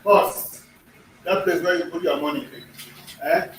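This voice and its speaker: Guy teaching a class, pretty high voice, far from the mic, faint hum behind. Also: steady tone, moderate pace, fairly bright tone. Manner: repeats himself, checks understanding often. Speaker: language teacher. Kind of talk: classroom lesson. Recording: echoey room, distant mic, faint noise.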